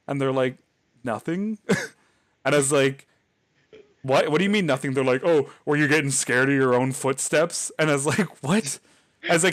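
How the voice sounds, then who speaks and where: A man's voice: mid-range voice, normal speed, dry recording, clean studio sound. A man hosting a podcast, telling a scary childhood story in a rambling, casual way, full of fillers and laughs. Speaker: podcast host.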